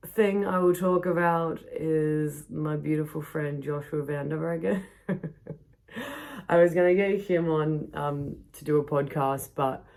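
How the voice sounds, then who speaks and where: A woman's voice: sits low, vocal fry. A woman hosting a podcast, telling travel stories casually, swearing freely and laughing often. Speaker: podcast host. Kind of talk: casual storytelling monologue. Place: backyard.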